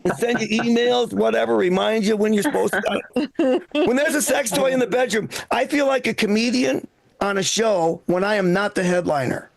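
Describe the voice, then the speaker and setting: Older male stand-up emcee, sixties, very high gravelly voice, rambling self-deprecating delivery. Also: normal speed. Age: 60s. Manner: rambling, self-mocking delivery with frequent restarts. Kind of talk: live stand-up comedy set. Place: comedy club stage.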